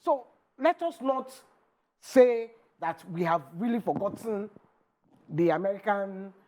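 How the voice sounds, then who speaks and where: A woman's voice: mid-range voice, measured pace, a little hiss or hum. A woman on a TV talk show panel who pushes back and argues her point. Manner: lively, argumentative. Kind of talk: studio panel discussion.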